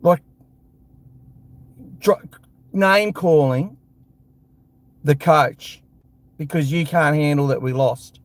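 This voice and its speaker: A man's voice: on the high side, slow pace, pauses often, dry recording. An Australian man hosting a live fan show, ranting bluntly and heatedly with lots of swearing.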